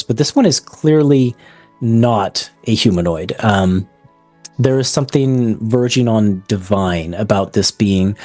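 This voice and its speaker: A man's voice: mid-range voice, a little mellow, no room sound. A man narrating as game master of a tabletop game, describing scenes with many ums and likes.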